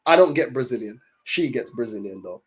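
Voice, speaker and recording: A man's voice: mid-range voice, animated, brisk. Streamer, young man, easygoing slangy chat to viewers. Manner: laid-back slang-heavy talk with many fillers. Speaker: livestream host. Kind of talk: casual livestream chat.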